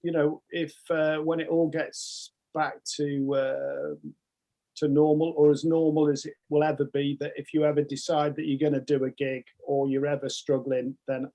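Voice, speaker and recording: Hesitant older guest, fairly high voice. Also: male voice, level tone, moderate pace, dark tone. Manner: hesitant, many ums, good-natured. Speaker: retired police officer guest. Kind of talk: casual podcast chat.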